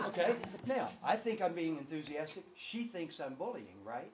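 A man's voice: fairly high pitch, big pitch swings, measured pace, a crowd in the background, rough recording. An older man teaching a church class with slides, talking in an enthusiastic, emphatic way. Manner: enthusiastic, emphatic, talks with restarts.

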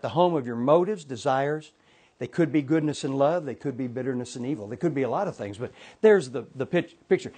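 A man's voice: a little high, a little mellow, slightly rough. A man teaching an informal Bible class to a group, talking in a loose, conversational way with many restarts and asides.

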